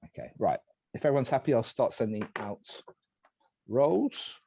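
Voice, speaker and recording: A man running an online party game as moderator, calm and polite as he narrates each night phase over a video call. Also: medium pitch, unhurried, vocal fry, slight background noise.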